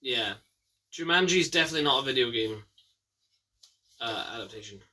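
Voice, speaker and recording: A young Scottish man hosting a casual bad-movie quiz, chatty, with quick asides and some swearing. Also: medium pitch, animated, pushed and bright, distant mic. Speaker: quiz host.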